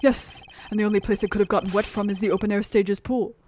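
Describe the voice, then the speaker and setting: A woman reading the lines of a composed, formal male prosecutor in a video game, in a measured, confident way. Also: medium pitch, steady tone, a little mellow, a little hiss or hum, natural voice.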